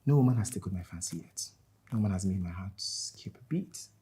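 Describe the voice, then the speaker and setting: Deep-voiced Nigerian boss. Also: male voice, animated, a little fast, mellow, breathy edge, exaggerated voice. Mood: relaxed. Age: 30s. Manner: easygoing, reassuring. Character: calm, kindly company boss and elder brother.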